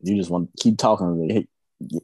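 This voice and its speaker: A man's voice: low-pitched, steady tone, moderate pace, warm tone, slightly rough, dry recording. A man co-hosting a podcast, teasing the host in casual banter. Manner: teasing, mocking.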